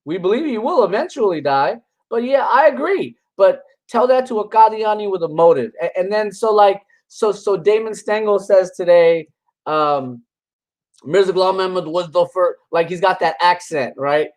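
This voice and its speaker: A man's voice: sits high, expressive, moderate pace, hardly any pauses, a little mellow, rough recording. Combative man ranting in a reaction video. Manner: combative and mocking, scoffing laughs; rambling with frequent restarts. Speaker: religious commentator reacting to videos. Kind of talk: casual reaction commentary.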